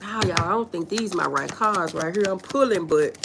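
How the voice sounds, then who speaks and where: A woman's voice: on the low side, normal speed, gravelly, heavy background noise. A woman with a Southern US accent hosting a casual livestream, reading viewers' comments aloud and answering them in a folksy, playful way with frequent laughter. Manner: animated, folksy, reads chat aloud and answers, laughs often. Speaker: livestream host.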